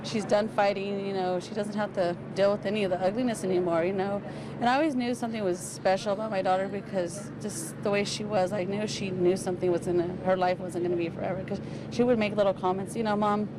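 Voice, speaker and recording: A woman giving a street interview as a grieving mother, telling her story haltingly between nervous laughs. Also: mid-range voice, steady tone. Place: outdoors on a city street. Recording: outdoor street interview with traffic noise.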